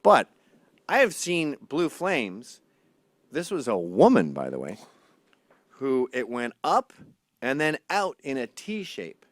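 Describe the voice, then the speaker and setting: A man's voice: medium pitch, huge pitch swings, takes it slowly, long pauses, no echo. A man hosting a comedy podcast, telling crude stories animatedly and acting out other people's voices. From Scotland. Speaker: podcast host. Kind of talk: comedic storytelling.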